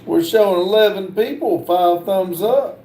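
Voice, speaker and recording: A middle-aged man hosts a casual livestream and reads chat comments aloud, his voice pitched high for a man. He talks slowly and haltingly, with plenty of fillers. His voice sounds mellow, and the room is noticeably echoey. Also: slight background noise. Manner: slow, halting, lots of "uh" fillers. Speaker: livestream host.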